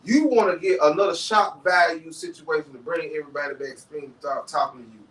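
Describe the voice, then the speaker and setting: A man co-hosting a podcast in casual chat, animated, who keeps repeating "you know what I'm saying". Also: fairly high pitch, a little fast. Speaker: podcast co-host. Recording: roomy echo, distant from mic.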